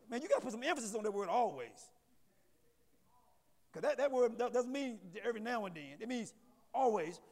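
A man preaches a sermon in a church sanctuary. He throws questions out to the congregation, repeats his key words and builds to loud emphasis. A long reverb rings behind his voice. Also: very high-pitched, expressive, brisk, long pauses. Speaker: pastor.

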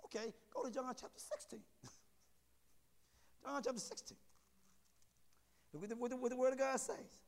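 A pastor preaches to his congregation in a very high voice. He drags out the scripture words for emphasis and keeps checking that everyone is following along. His voice rings out with a long reverb tail. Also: measured pace, vocal fry, long pauses. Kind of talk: sermon.

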